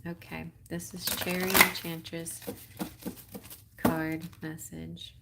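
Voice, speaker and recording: A woman with a Texas accent chats her way through a live tarot stream, her voice sitting a little low. She rambles, leans on fillers and laughs often between thoughts, keeping it loose and conversational. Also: level tone, slow pace, vocal fry, very noisy. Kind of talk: casual live-stream chat.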